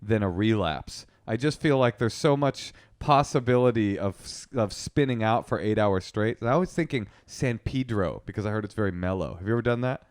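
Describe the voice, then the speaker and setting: A relaxed male podcast co-host who rambles and chuckles between thoughts. His pitch moves a lot, and the sound is dry, with no room around it. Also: brisk, few pauses, smooth, dry recording. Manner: laid-back, rambling, laughs often. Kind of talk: casual podcast chat. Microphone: remote call.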